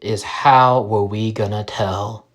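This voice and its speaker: A man telling a first-person story in a halting, somber way. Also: fairly low pitch, steady tone. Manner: slow, halting, somber narration.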